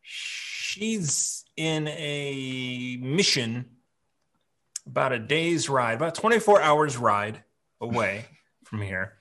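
A man's voice: mid-range voice, expressive, takes it slowly, fairly bright tone. A man taking part as a player in a tabletop role-playing game, talking with hesitant fillers. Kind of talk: casual tabletop play.

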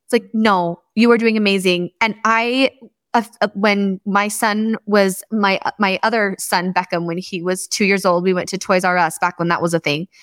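A woman hosting a podcast, chatting casually and telling animated stories, acting out the quotes of the people in them. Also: medium pitch, normal speed, no echo, clean studio sound. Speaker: podcast host. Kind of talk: casual chat.

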